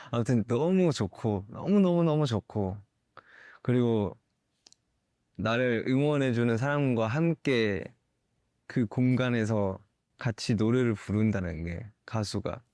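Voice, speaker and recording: A young man, a singer, giving candid interview answers in a thoughtful, halting way with soft laughs. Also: mid-range voice, no echo.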